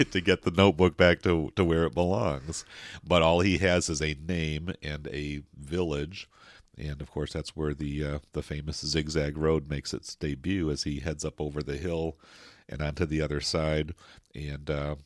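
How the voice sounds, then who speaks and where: A man co-hosting a casual film discussion, retelling scenes in a relaxed way with many fillers. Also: a bass voice, dry recording, studio quality. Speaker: podcast co-host.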